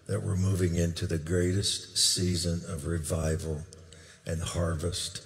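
A man's voice: low voice, little pitch movement, a little slow, slight background noise. An older man preaching a sermon, recounting a dream with emphatic bursts and questions to the crowd. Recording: long hall reverb.

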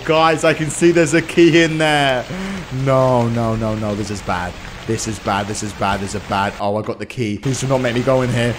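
A man's voice: medium pitch, a little hiss or hum. A man hosting a let's play, talking nervously to his viewers and stammering when spooked. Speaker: gaming video host.

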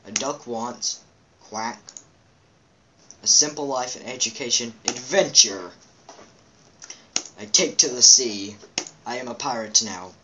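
A man's voice: medium pitch, slow, long pauses, noisy background. A man hosting a let's play, reading game captions aloud with goofy asides and playful quack and meow noises. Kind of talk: casual game commentary.

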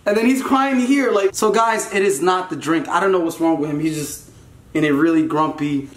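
A man in his twenties vlogging to a handheld camera at home and out in a garden, talking in an animated, exasperated, slangy way. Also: a little high, normal speed. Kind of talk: casual vlog to camera. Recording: roomy echo, loud background noise.

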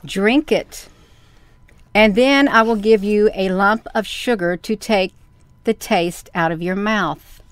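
A woman voicing a patient, motherly fairy who coaxes calmly in a storybook reading. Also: medium pitch, slow pace, smooth, no echo, lightly acted. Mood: coaxing. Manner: calm, coaxing.

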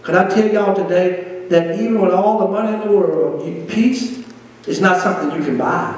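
High-voiced pastor preaching, echoey. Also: male voice. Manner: emphatic preaching with repeated phrases and drawn-out quotes. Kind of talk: sermon. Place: church. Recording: echoey church room from far off.

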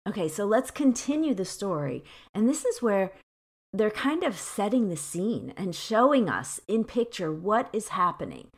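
A woman hosting a devotional podcast, reading scripture slowly and sharing reflections in an earnest, reflective way. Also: mid-range voice, very animated. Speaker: podcast host teaching scripture.

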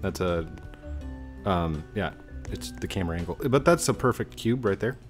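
A man with a fairly low voice hosts a gaming video in casual, jokey chat, walking through each step as he plays. He laughs a lot. Music plays clearly behind him. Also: lively intonation, normal speed. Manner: jokey, laughs often, explains steps as he plays. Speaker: gaming channel host.

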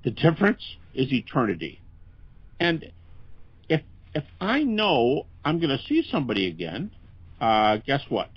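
An older man talks earnestly in a podcast interview, his voice of middling pitch and bone-dry with no room sound. The audio is dull and lo-fi. He restarts often as he talks. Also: measured pace, pauses often, husky, dry recording. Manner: earnest, conversational, lively with many restarts. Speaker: guest scholar.

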